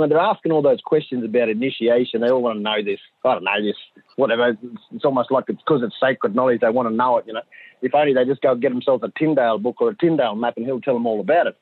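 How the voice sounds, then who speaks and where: A middle-aged man, telling a story in a lively way and acting out the voices of the people in it. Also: medium pitch, fast, breathy edge, no room sound. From Central Australia. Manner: animated, acts out voices of his sons and others. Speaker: community storyteller. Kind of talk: conversational storytelling. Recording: dry tinny phone-like audio.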